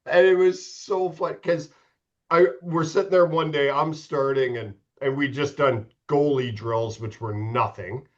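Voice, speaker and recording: A man's voice: medium pitch, measured pace, highs cut off. Profane middle-aged man telling stories. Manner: profane, laughing storyteller with frequent restarts. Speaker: podcast guest, former hockey goalie. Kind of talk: casual storytelling chat.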